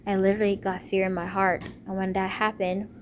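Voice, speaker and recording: Woman, young adult, vlogger, earnest, rambling, personal testimony, mid-pitched, faint hiss. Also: flat delivery, fairly quick. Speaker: vlogger speaking to camera. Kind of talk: personal testimony and religious appeal.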